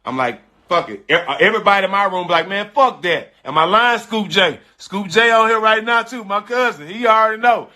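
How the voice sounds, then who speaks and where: Emphatic man telling a story, bright voice. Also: sits high, animated, a little fast, hardly any pauses. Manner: emphatic, repetitive, street slang, addresses listeners directly. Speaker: retired pro basketball player telling a personal story. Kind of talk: casual storytelling to a live audience.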